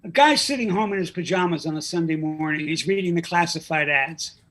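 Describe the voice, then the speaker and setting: A man's voice: on the high side, fairly quick, fairly bright tone. A man guest on a talk show, a comedy writer telling a joke animatedly with character voices. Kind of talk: casual chat and joke telling.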